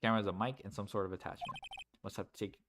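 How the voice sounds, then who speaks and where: A man's voice: on the low side, fairly even intonation, very fast, noisy background. A man casually reading and commenting through a game, chatty and self-aware. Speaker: game player reading dialogue aloud. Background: game music.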